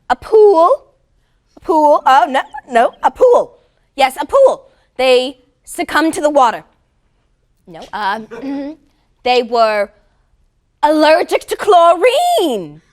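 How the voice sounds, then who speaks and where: A woman plays a scatterbrained, stubborn fake psychic in a comedy sketch. She speaks in a high, lilting voice that rises and falls widely, taking her time and stumbling through guesses with fillers and throat clearing. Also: big pitch swings, takes it slowly, long pauses, full character voice. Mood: flustered. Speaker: guest psychic.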